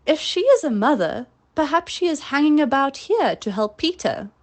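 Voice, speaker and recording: A woman's voice: sits high, sing-song, normal speed, voice pushed up. A woman reading aloud voices a suspicious male pirate crewman in a raised, wary tone.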